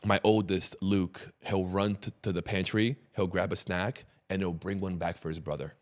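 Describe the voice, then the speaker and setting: Deep-voiced male podcast host. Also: fairly even intonation, moderate pace. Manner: supportive listener, short agreeing replies. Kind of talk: casual podcast chat.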